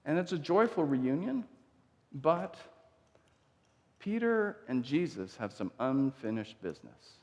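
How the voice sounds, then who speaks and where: A man's voice: fairly high pitch, big pitch swings, unhurried, long pauses. A man preaching a sermon, telling the story in a conversational way and acting out the quotes. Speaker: pastor. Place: church sanctuary. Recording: long church reverb.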